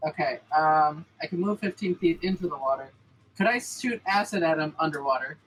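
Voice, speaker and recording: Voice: medium pitch, lively intonation, brisk, a bit bright, soft background music, low-quality recording. A player in a tabletop game, playful and upbeat, asking about rules and describing their moves. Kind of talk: casual tabletop play.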